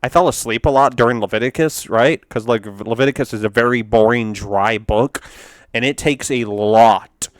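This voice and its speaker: A man riffs through casual meme commentary in a rambling, frank manner, full of fillers and restarts. His voice is smooth and clear at a middle pitch. The sound is close and dry, with no room around it. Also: normal speed, no room sound. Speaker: video host reacting to memes.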